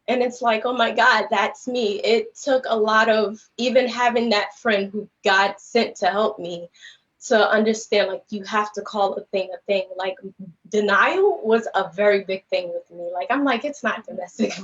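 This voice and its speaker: A woman guest speaker earnestly retelling a personal story on a podcast, rambling and peppered with "you know" and "like". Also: on the high side. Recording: slightly dull lo-fi livestream audio.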